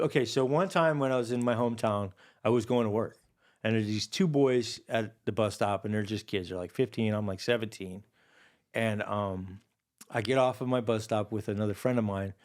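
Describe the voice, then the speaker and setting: A man in his forties from Hawaii, guest on a podcast, who talks in a low-pitched, easygoing voice. He drifts through long personal stories in casual conversation, dropping plenty of "dude" and "you know" along the way. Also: brisk, darkish tone. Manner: laid-back, rambling, peppered with "dude" and "you know".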